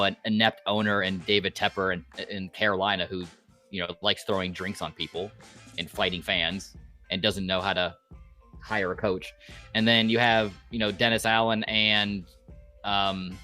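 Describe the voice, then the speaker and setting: A man's voice: fairly low pitch, pushed and bright. A young man guesting on a sports podcast, blunt and rambling, with casual swearing.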